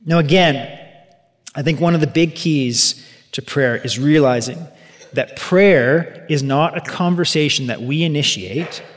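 A man preaching a sermon as pastor, animated, acting out quoted voices. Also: fairly high pitch, a little slow. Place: church sanctuary. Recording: long hall reverb.

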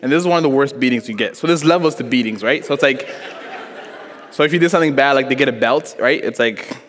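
A young man from Africa giving an animated, joking sermon to a congregation, telling a story from his childhood and acting out the voices in it. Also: medium pitch, fast. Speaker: preacher. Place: church hall before a congregation. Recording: long hall reverb.

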